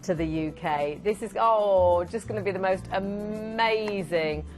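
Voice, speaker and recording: A woman co-presenting a TV cruise show, pitching a holiday package in an upbeat sales manner. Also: soft background music. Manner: warmly reacting, brisk pitch. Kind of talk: travel sales chat.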